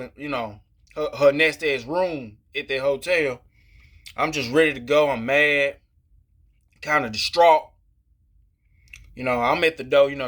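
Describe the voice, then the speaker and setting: A man talking to camera in a casual, profane rant, frustrated and rambling, filling every pause with "you know" and restarting his sentences. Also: on the high side, bright, forceful tone. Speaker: vlogger. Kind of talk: casual ranting monologue.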